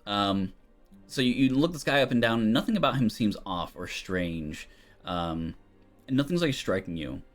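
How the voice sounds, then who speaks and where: Low-voiced man running a tabletop game. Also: normal speed, faint music behind. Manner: relaxed, loose, many ums. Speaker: game master.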